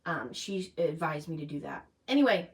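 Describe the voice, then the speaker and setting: A middle-aged woman talks casually to viewers on a live stream. Her voice sits a little low, and she rambles emotionally through many fillers and restarts. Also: moderate pace.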